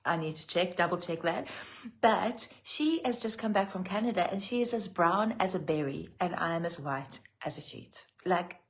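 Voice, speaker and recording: A loud, chatty middle-aged woman with a South African accent, hosting a rambling livestream devotional, laughing often and answering viewer comments. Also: lowish voice, animated, normal speed. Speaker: pastor and prophetic minister. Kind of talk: casual livestream devotional chat.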